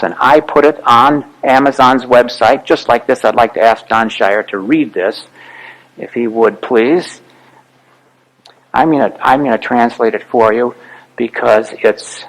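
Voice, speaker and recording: A man's voice: mid-range voice, gravelly, low-quality recording. A man giving an earnest, emphatic public talk to an audience as an author and speaker.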